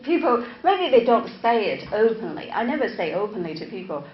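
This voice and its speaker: A woman's voice: mid-range voice, sing-song. A woman professor whose first language is Chinese gives a classroom lecture to teachers, often repeating words and checking in with "right?". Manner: slow, deliberate, interactive with the audience. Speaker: English teacher-educator, professor. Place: lecture room. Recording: echoey, slightly dull room recording with faint noise.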